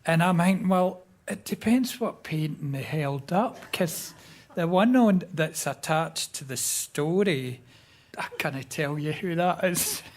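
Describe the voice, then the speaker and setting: A man's voice: on the high side, lively intonation, slow, a little hiss or hum. A man on a radio comedy panel, telling wry, digressive stories.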